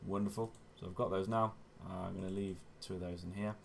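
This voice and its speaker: A gaming channel host with a low, gravelly, steady-toned voice talks fairly quickly through gameplay step by step. He's chatty, keeps correcting himself and likes the word "wonderful," with slight background noise behind him.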